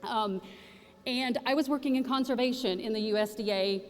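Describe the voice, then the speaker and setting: A folksy woman from Oklahoma, USA, is the featured speaker at a storytelling presentation, recorded in a reverberant hall. Her voice is a little high and her pace moderate, and she tells stories with animation, acting out the quotes.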